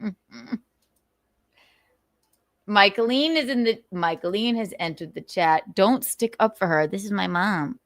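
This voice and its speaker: A woman's voice: medium pitch, unhurried, pauses often, dry recording, studio quality. A woman hosting a casual livestream, talking animatedly with frequent laughs and restarts. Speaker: livestream host.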